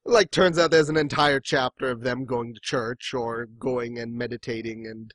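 A man's voice: medium pitch, fairly even intonation, moderate pace, fairly bright tone, no room sound. A man hosting a casual podcast, chatting and joking, now and then quoting lines in other voices. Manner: chatty, jokey, breaks into quoted voices. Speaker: podcast host. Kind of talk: casual chat.

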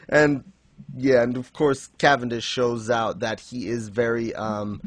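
A man's voice: mid-range voice, flat delivery, a little slow, no room sound. A man hosting a casual recap chat, laughing often and acting out quotes. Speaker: podcast host.

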